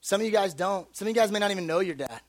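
A young adult man preaching a sermon as pastor, with lively, conversational storytelling and humor. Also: high-pitched, rapid-fire.

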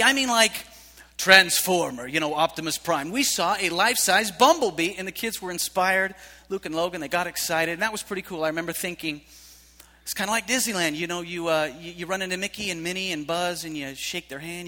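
A pastor delivers a lively sermon, his voice pitched high for a man and ringing with forceful brightness. He tells stories with energy and bursts into shouted punchlines. His words echo with a long reverb through a large church hall. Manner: animated storytelling with shouted punchlines.

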